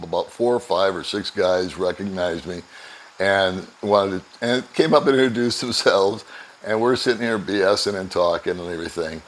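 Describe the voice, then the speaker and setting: A man's voice: low-pitched, a bit bright, a little hiss or hum, rough recording. Older man telling a travel story. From United States. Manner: chuckles often, acts out both sides of conversations. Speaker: vlogger. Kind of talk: casual storytelling.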